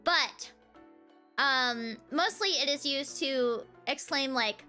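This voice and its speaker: Giggly bright-voiced woman. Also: high voice, slow pace, faint music behind. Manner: giggly, laughs often between phrases. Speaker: streamer. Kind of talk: casual livestream chat.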